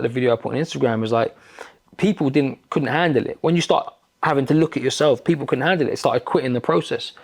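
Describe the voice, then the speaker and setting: Gravelly man telling a story. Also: mid-range voice. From London. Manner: animated, swears freely, acts out quoted exchanges. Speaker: podcast guest. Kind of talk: casual conversational storytelling.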